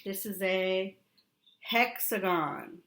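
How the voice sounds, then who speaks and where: A woman teaching a young child a remote lesson, drawing out words and repeating them with steady encouragement. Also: medium pitch, echoey room, slight background noise. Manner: slow, drawn-out, encouraging teacher talk with repetition.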